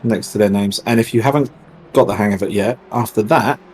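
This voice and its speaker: A man's voice: lowish voice, fairly quick, a little hiss or hum. A man casually explaining rules and ideas on a live race-stream commentary, chatty and playful. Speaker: race series organiser co-commentator.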